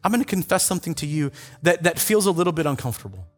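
A man's voice: on the high side, very animated, racing. A middle-aged male pastor preaching a sermon, retelling scripture stories with voices for each character. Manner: storytelling with acted-out voices for biblical figures.

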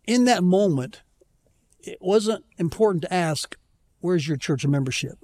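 A man preaching a conversational sermon as pastor, telling stories with self-deprecating humor and slowing down to plead earnestly. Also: high voice, expressive, a little mellow. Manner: conversational storytelling, self-deprecating, pleading slowly at key points. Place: church.

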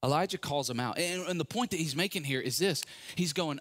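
A man's voice: fairly high pitch, a little fast. A man preaching a sermon, retelling a scripture story with sarcasm and acting out the characters' lines. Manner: animated, sarcastic storytelling with acted-out quotes. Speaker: pastor.

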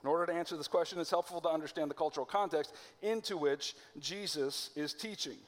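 Man from the us preaching in a big echoey hall, kinda high voice, talks casual then slows way down for emphasis. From United States. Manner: conversational preaching, slows and stresses key phrases. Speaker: pastor. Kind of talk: sermon. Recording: long hall reverb.

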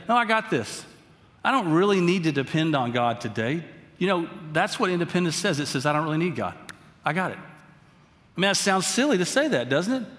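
A man's voice: fairly high pitch, a bit bright. A man preaching a sermon as pastor, talking conversationally and with emphasis, often turning to the congregation with asides. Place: church sanctuary. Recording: long reverb of a large hall.

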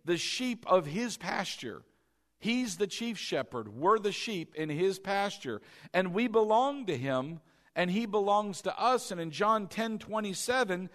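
A man pastor preaching a sermon, leading the congregation in call-and-response and moving between loud emphasis and quiet asides. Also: high-pitched.

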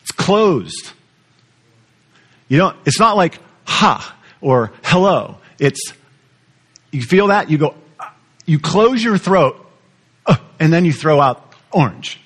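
Animated preacher, man. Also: on the high side, takes it slowly, long pauses, slightly rough. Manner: animated teaching, repeats words, asks the audience questions. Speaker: pastor. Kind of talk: sermon.

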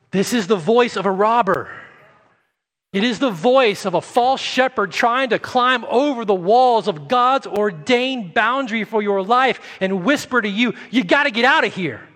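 A man delivers a sermon with an earnest, pleading tone, his voice sitting high for a man. He often slows down and drops to a softer, quieter delivery to press a point home. The sound carries a long reverb, as if filling a church sanctuary. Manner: earnest preaching, slowing and softening for emphasis. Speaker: pastor.

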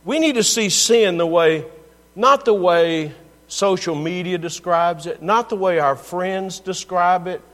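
Earnest preacher in a reverberant church. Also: male voice, high voice, unhurried, fairly bright tone. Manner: earnest, pleading, rising and falling in intensity. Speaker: pastor. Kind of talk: sermon. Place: church sanctuary. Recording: long reverb with mains hum.

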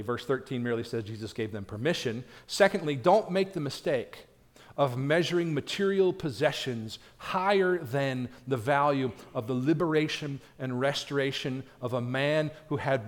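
Male pastor preaching in a reverberant church. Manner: animated preaching, acts out quoted pleas with raised pitch and volume. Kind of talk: sermon. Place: church sanctuary.

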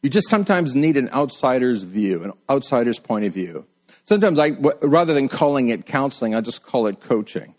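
A middle-aged male pastor preaching a sermon in a conversational way, jumping high when he quotes people and dropping low and quiet to drive a point home. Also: sing-song, a little fast.

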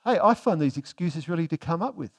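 High-voiced man preaching a sermon. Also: animated, a little fast. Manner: asks the congregation rhetorical questions; swings between emphatic and hushed delivery. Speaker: pastor.

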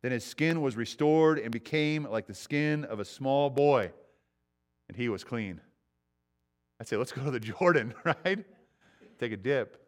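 A man's voice: medium pitch, lively intonation, a little slow, long pauses. A male pastor preaching a sermon with a mid-range voice. His delivery is conversational. He acts out quoted voices and repeats key lines for emphasis.

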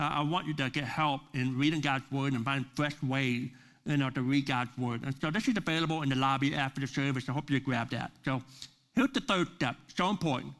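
A man preaching a sermon as pastor at a church service, earnest and building to forceful emphasis on key words. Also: a little high.

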